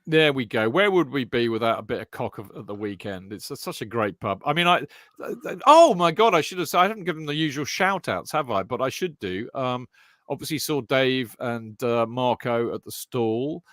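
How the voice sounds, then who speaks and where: A man's voice: medium pitch, expressive, normal speed, fairly bright tone, dry recording, studio quality. A man hosting a fan podcast, talking in a chatty, rambling way with lots of fillers and restarts. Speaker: podcast host. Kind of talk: casual chat.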